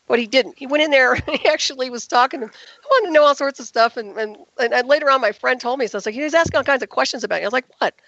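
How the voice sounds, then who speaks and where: Woman, rapid speech, slightly high voice, emphatic and indignant, radio interview guest, dull dry lo-fi sound. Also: fairly bright tone, no room sound.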